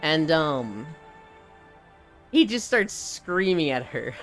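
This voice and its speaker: A live streamer chatting casually while walking on a treadmill, reading chat aloud and telling stories with lively animation. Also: mid-range voice, slow pace, faint music behind. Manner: reads chat aloud and riffs, animated storytelling.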